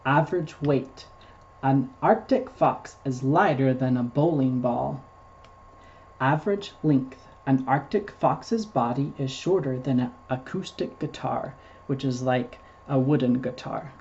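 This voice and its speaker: Slow, mellow-voiced man reading to preschoolers. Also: mid-range voice, dull audio, slight background noise. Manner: slow, patient explaining for small children. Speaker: storytime host reading to preschoolers. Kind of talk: children's read-aloud storytime.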